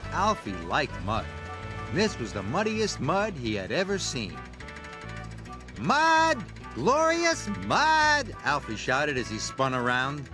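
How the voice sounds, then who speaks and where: A man narrating a children's story aloud in a slow, read-aloud manner. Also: mid-range voice, sing-song. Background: background music.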